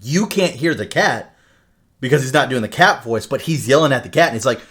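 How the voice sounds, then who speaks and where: A man co-hosting a podcast, retelling a movie plot in casual, animated talk full of swearing and fillers. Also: mid-range voice, a little fast. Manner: animated storyteller, heavy swearing, many fillers. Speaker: podcast co-host.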